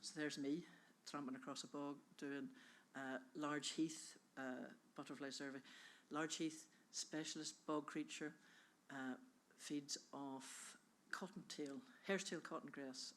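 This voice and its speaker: A woman's voice: low-pitched, fairly even intonation, unhurried, a little hiss or hum. An Irish woman giving an enthusiastic, chatty conference presentation about a bog conservation project, often interrupting herself. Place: conference hall.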